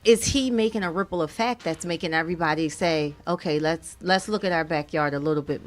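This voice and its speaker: A woman co-hosts a community radio talk show in a relaxed, conversational voice. She often says a phrase twice as she works through her point. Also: sits low, fairly quick. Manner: easygoing, conversational, repeats phrases. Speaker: radio co-host. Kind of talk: casual radio chat.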